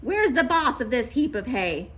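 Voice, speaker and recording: Woman putting on a screechy, bossy storybook witch, high and loud, big pitch swings, hungry and cranky. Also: big pitch swings, normal speed. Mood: demanding. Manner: bossy, demanding shouts. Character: greedy screeching witch, hungry and short-tempered. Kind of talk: storybook read-aloud.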